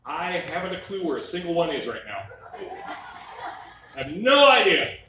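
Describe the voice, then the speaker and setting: A man's voice: a little high, moderate pace, background noise. Wry middle-aged man doing stand-up. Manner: wry, animated, crowd-teasing. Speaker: stand-up comedian. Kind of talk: stand-up comedy set. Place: comedy club stage. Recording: live club mic, echoey room, distant.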